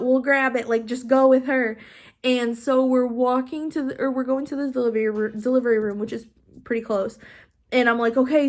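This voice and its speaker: A young woman vlogger telling a personal story in a casual, chatty way, animated and full of "like". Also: medium pitch. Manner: chatty, animated, heavy use of "like".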